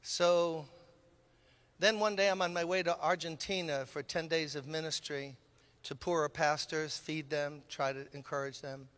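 A man's voice: fairly high pitch, a little slow. An older man from Brooklyn, a pastor telling a story in a sermon and acting out the voices in his conversations. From Brooklyn, New York. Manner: animated, acts out both sides of conversations. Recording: long hall reverb.

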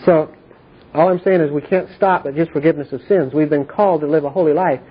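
A man's voice: on the high side, fast talker, slightly rough. A man leading an informal Bible study, explaining earnestly and often asking whether his listeners understand. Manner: earnest, repetitive explaining with frequent checks for understanding. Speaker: Bible teacher. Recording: tinny phone-like audio.

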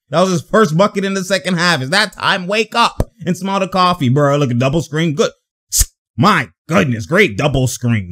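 With a high voice, a young man laughs often and gets worked up while giving slangy, casual reactions to a basketball game.

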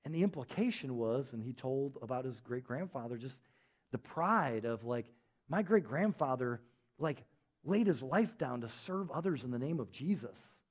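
A man preaching a sermon in a church, telling stories in a casual, animated way with lots of filler words. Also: medium pitch, moderate pace. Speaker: pastor.

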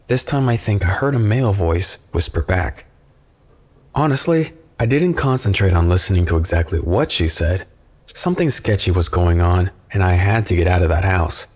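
Guy reading a creepy true story, low voice, kinda husky, calm and steady. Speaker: horror story narrator. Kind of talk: scripted first-person horror narration.

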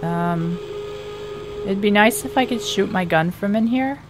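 A woman giving casual let's play commentary, chatty and teasing the enemies, her voice slightly hoarse. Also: mid-range voice, measured pace, background noise. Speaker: gamer playing a shooter.

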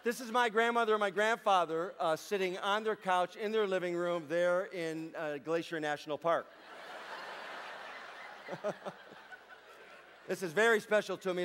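A man doing stand-up comedy, telling stories on stage to a live audience in a playful, chatty way with deadpan asides. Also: sits high, background noise.

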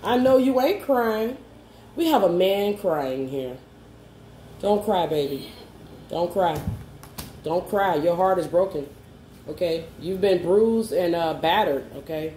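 A woman with a mellow, warm voice gives a coaxing, reassuring tarot reading. She keeps checking in with the listener. The room has a roomy echo and a faint hum behind her. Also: lowish voice, slow, pauses often. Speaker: tarot card reader. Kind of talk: spoken tarot reading to camera.

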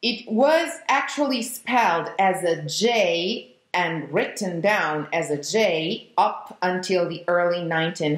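Slow woman coaching vowels, echoey room. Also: on the low side. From Italy. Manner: slow, deliberate, sings out example vowels. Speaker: opera diction coach. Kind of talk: demonstrating vowels in a lesson.

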